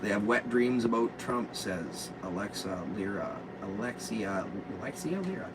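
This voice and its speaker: A man's voice: lowish voice, lively intonation, moderate pace. Crude joking man, off-mic. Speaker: vlog host. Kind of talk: rowdy casual chat. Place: inside a motorhome. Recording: distant mic, noisy motorhome.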